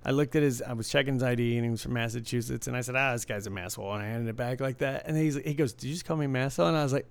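A man's voice: mid-range voice, racing, vocal fry, few pauses, smooth, no room sound. A man co-hosting a podcast, telling rambling stories in casual chat, with many restarts. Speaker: podcast co-host.

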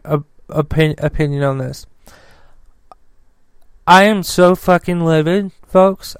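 A man hosting a political news commentary podcast, blunt and profane, reading the news haltingly with frequent fillers. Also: fairly high pitch, clean tone, no room sound. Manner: reads news haltingly with many fillers and restarts. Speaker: podcast host.

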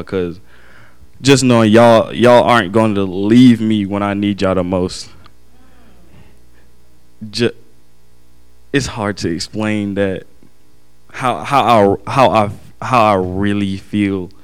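Earnest young man, halting testimony. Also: lowish voice, clean tone. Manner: halting, many restarts, earnest. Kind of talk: emotional personal testimony.

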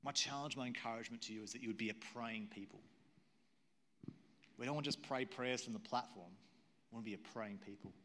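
A man's voice: mid-range voice, fast talker, long pauses, pushed and bright. A man preaching a sermon as pastor in a church, earnest and repetitive, often asking the audience questions. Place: church auditorium. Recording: long hall reverb.

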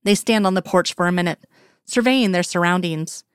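Woman, story reader, measured, smooth tone, dry close recording. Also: lowish voice, dry recording. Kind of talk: storytelling narration of fan fiction.

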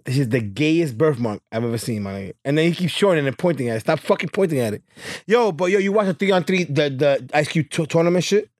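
A man's voice: fairly high pitch, lively intonation, quick pace, a little mellow, dry recording, clean studio sound. A man co-hosting a casual talk show, teasing his partner in crude slang. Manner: teasing, laughs often.

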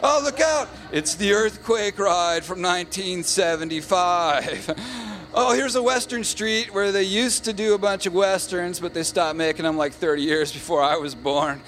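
A man's voice: high voice, steady tone, moderate pace, fairly bright tone. A man playing a goofy, cocky stoner spy in a comedy audio play, talking in brash, laid-back dude slang.

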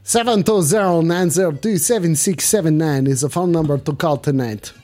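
Hammy mock-French phone-in host, a man putting it on, high-pitched, slow and theatrical. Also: faint music behind. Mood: grandiose. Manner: hammy, broken French phrases, slow and grand. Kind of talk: live-stream phone-in bit.

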